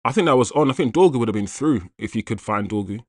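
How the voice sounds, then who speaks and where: A man hosting a live football watchalong, reacting to the play and shouting out viewers. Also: mid-range voice, expressive, fast, no room sound. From Jamaican heritage. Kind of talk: live match commentary and chat.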